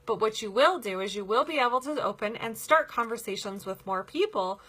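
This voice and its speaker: Upbeat woman with a bright, tense voice. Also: on the high side, animated, fairly quick, slightly rough. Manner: upbeat and chatty, often laughing, with many fillers. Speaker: pet products sales team leader giving a training talk. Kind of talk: casual coaching talk.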